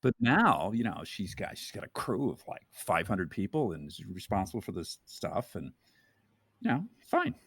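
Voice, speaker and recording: A man's voice: fairly low pitch, moderate pace, husky, no echo. A man talking as a podcast guest in casual conversation, loose and full of fillers. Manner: animated, loose, lots of fillers like "you know" and "like". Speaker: podcast guest, photographer and speaker.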